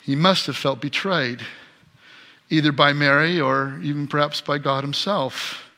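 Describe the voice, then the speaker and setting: A middle-aged man preaching a sermon as pastor, swinging between loud emphatic passages and soft quiet ones. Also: on the high side, measured pace.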